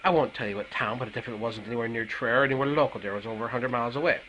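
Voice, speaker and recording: A man's voice: medium pitch, racing, a little hiss or hum, low-quality recording. A man with an Irish accent, a paramedic telling a work story as a profane, swearing rant. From Ireland. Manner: animated, swearing heavily.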